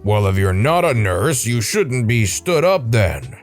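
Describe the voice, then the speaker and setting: Casting: man playing a low-voiced, slow, menacing bully of a patient, insulting. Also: very animated, faint music behind. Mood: sneering. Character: rude angry middle-aged male patient, bullying.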